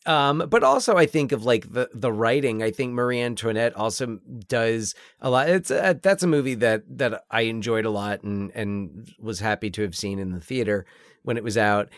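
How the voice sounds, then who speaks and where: A man co-hosting a casual film podcast, his voice at an everyday middle pitch. He rambles, restarting his sentences and circling back with fillers. The recording is close and dry. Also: expressive, normal speed, dry recording. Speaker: podcast co-host.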